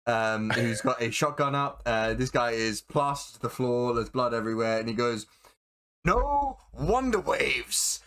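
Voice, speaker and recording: A man's voice: mid-range voice, steady tone, normal speed, few pauses, fairly bright tone, clean tone. A man running a tabletop game as game master, talking with many fillers and restarts.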